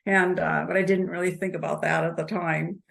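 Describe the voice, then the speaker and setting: A woman in her seventies, an interview guest telling her life story in a halting way, with restarts and soft laughs. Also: on the low side, steady tone, vocal fry. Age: 70s. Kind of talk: personal life story told in conversation.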